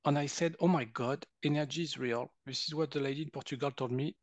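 During a conversation, a French-accented energy healer from France, in his fifties and appearing as a guest, shares personal stories with lots of energy, acting out quotes and laughing frequently. He talks fast at a fairly high pitch, with no room sound.

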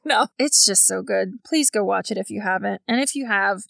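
A woman from Colombia co-hosting a podcast in a relaxed, chatty way, laughing often. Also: mid-range voice, normal speed, creaky, no room sound, studio quality. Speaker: podcast co-host. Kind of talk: casual chat.

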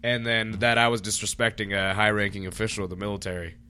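A man's voice: fairly low pitch, fairly even intonation, fast talker, bright, forceful tone, a little hiss or hum. A man casually telling a story from his bartending job, acting out rude customers in raised voices. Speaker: podcast co-host, bartender.

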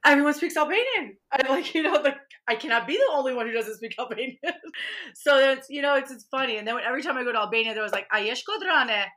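A woman talking as a guest in a relaxed interview. Her voice is bright and forceful, and she chats freely, laughing often and acting out what people said. The talk is casual and lively. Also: high-pitched, rapid-fire. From Michigan, USA. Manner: chatty, laughs often, acts out quotes.

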